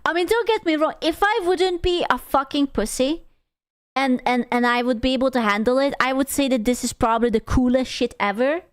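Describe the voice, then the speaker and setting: A woman's voice: high-pitched, fairly quick, clean tone, no echo, clean studio sound. A young woman streaming, reacting to a video in a playful, giggly way and swearing freely. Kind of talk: casual live-stream reaction commentary.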